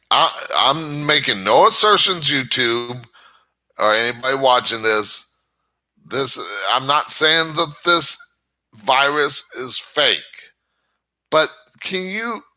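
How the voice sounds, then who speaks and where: A man's voice: medium pitch, pushed and bright. A man hosting his own channel, giving a rambling casual monologue and often stammering over restarts. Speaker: channel host.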